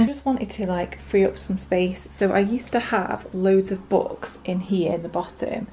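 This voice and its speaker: A woman's voice: medium pitch, normal speed, few pauses, mellow, slight background noise. A young woman chatting casually in a home vlog, rambling with lots of fillers, at times out of breath. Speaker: vlogger. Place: home, indoors.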